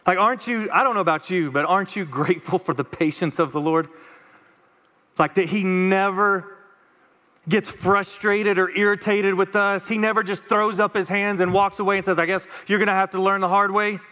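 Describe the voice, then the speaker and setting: A high-voiced man preaches to his church in a chatty, animated way. He slips into the voices of the people in his story. His words ring with the long reverb of a large hall. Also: normal speed. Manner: conversational, animated, acts out quoted voices. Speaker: pastor. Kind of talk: sermon. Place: church auditorium.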